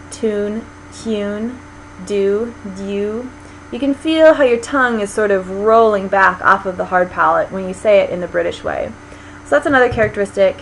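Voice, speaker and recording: A woman's voice: a little high, slight background noise, low-quality recording. An American woman giving a lecture, explaining things step by step with frequent ums and small restarts. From United States. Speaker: linguistics lecturer.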